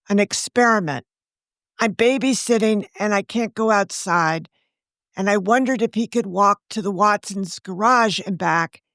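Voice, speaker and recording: A woman's voice: medium pitch, no room sound, clean studio sound, pitched above the performer's own voice. A woman voicing a polite, earnest teenage girl babysitter who sounds eager and slightly pleading.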